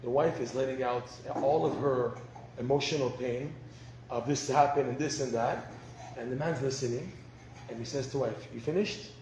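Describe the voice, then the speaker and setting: A man teaching a class on marriage, animated and laughing often. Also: mid-range voice, normal speed. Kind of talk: lecture on marriage. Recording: roomy echo, faint background noise.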